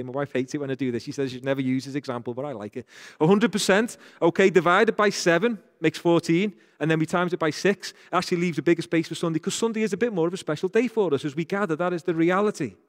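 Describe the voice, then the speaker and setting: A man's voice: on the high side, in a large hall. A man with a Northern English accent preaching a sermon as pastor, earnest and repeating phrases for emphasis.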